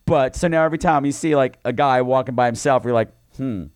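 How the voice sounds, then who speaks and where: A man co-hosting a podcast, telling a campy story in a casual, animated way. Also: mid-range voice, fast, clear, resonant tone, no echo, studio quality. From New York. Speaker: podcast co-host. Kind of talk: casual chat.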